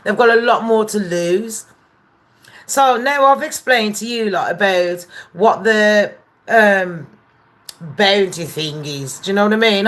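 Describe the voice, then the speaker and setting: Slow-talking woman chatting. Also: mid-range voice, animated, a bit bright. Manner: chatty, swears freely, greets chat viewers by name. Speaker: gossip channel host. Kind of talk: casual live-stream chat.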